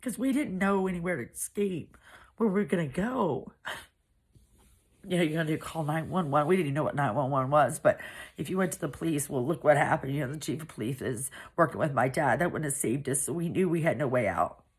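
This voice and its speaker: A woman from Pennsylvania giving a personal testimony, halting and emotional, with many restarts and fillers. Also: deep voice, slightly rough. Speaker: survivor telling her story.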